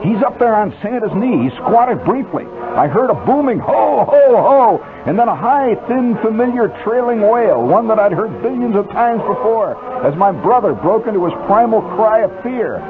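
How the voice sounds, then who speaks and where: A male radio storyteller spins a story in a wry, mock-dramatic way, his voice lively and swooping, a bit high for a man. It sounds like a tinny old radio aircheck with faint hiss underneath. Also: moderate pace, few pauses.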